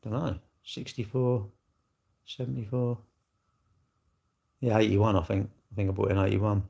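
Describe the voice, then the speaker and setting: A man's voice: on the low side, little pitch movement, normal speed, vocal fry, warm tone. An older man hosting a casual livestream, talking bluntly, arguing with commenters and swearing freely. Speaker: livestream host.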